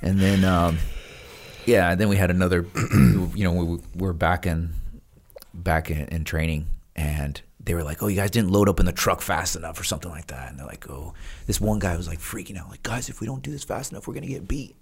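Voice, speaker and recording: A man's voice: sits low, normal speed. A man telling stories casually in a podcast interview, acting out the people he quotes. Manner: animated, acts out quoted voices. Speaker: guest, retired Navy SEAL. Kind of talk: casual storytelling.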